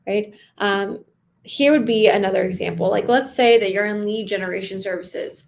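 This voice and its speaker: A young adult woman coaching sales in a casual, conversational way, slowing down and pausing to stress key words. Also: mid-range voice, creaky. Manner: conversational, slows down and pauses for emphasis. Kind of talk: casual teaching with spoken sales examples.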